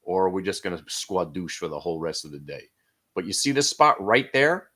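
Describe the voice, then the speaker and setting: Brash, excitable male trading host. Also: low voice, normal speed. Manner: brash, joking, excitable swings in loudness. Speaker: day trading stream host. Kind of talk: live trading commentary.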